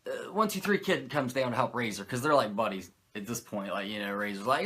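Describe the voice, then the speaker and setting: With a mid-range, slightly rough voice and a sharp tone, a wrestling show reviewer recaps an old episode briskly, with hardly any pauses. His commentary is casual and rambling, profane, self-mocking, and full of tangents.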